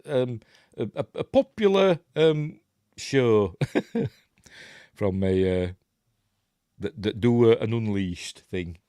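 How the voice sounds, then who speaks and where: A man's voice: fairly low pitch, darkish tone, dry recording, clean studio sound. A man with a Yorkshire accent hosting a casual film breakdown, rambling through the plot with chatty asides and chuckles. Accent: Yorkshire English. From Yorkshire, England. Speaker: film review host.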